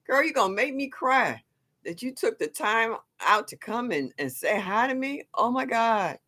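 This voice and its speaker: A woman's voice: fairly high pitch, sing-song, moderate pace, bright, forceful tone. An older woman hosting a live stream, chatting casually and exclaiming often, with frequent laughs. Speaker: livestream host.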